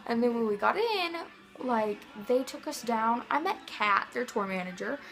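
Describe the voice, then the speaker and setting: A young woman from Missouri recounts a story straight to camera in a casual vlog. Her voice sits a little high and has a lot of fry. She rambles excitably and leans on "like" and "um". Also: moderate pace, low-quality recording. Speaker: vlogger.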